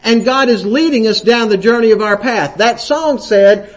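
A man's voice: sits high, moderate pace. A man preaching a sermon, quoting scripture and acting out little asides, often checking in with the congregation. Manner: frequent "right?" checks to the congregation.

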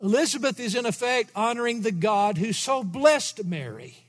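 A middle-aged man delivers a sermon from the pulpit, his high voice swinging between calm explanation and sudden loud, animated bursts. The long reverb of the church hall trails behind each phrase. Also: moderate pace. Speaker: pastor. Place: church sanctuary.

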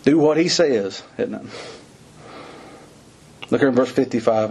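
A man's voice: medium pitch, measured pace, pauses often, a little mellow, breathy edge. A middle-aged man preaching a sermon in a folksy, dramatic way that rises into urgent cries.

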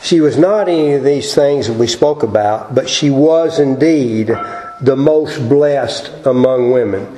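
A man preaching a Sunday morning sermon and reading scripture aloud in a slow, deliberate way. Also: medium pitch, mellow, echoey room, faint music behind, rough recording. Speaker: pastor.

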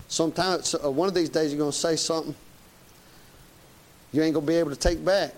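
A man's voice: fairly high pitch, steady tone, brisk, slight background noise. A middle-aged man, preaching a folksy, plain-spoken, emphatic sermon. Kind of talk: conversational sermon.

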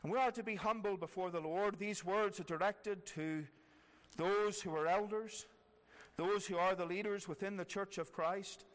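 A man's voice: sits high, normal speed, fairly bright tone. A man preaching a sermon earnestly, repeating key phrases for emphasis. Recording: long reverb of a large hall.

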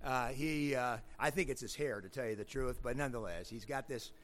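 A man preaching a sermon as pastor, playful with wordplay, moving from quiet explanation to loud, emphatic shouting. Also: medium pitch, brisk.

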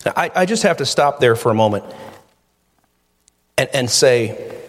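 A man's voice: medium pitch, expressive, normal speed, long pauses. A man preaches in an ordinary mid-range voice, reading old scripture aloud before breaking into plain, conversational talk. His voice rings out with a long reverb, as in a church sanctuary. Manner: reads scripture then talks through it conversationally. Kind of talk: sermon.

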